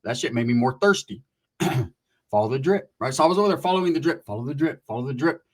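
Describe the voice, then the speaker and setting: A man's voice: mid-range voice, animated, fast, a little mellow. A man telling a long story in casual, profane slang, acting out the voices of the people he quotes.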